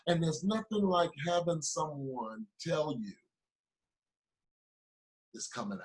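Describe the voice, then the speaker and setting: High-voiced man giving a fiery pep talk. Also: expressive, unhurried. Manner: preachy, repetitive, swings between loud urging and low asides. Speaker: business mentor. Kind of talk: motivational speech.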